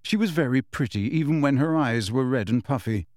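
With a medium-pitched voice, a man narrates a scripted audiobook in an expressive yet measured manner. The sound is dry and of studio quality.

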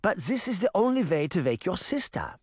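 Male narrator putting on a brisk old grandmother with a light German accent, higher voice, dry studio sound. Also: sing-song, breathy edge, no echo, exaggerated voice. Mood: coaxing.

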